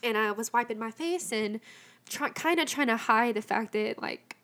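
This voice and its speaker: A young woman with a slightly high voice recounts a personal faith testimony. She talks casually with many fillers and sounds emotional and close to tears. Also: expressive, normal speed, a bit bright.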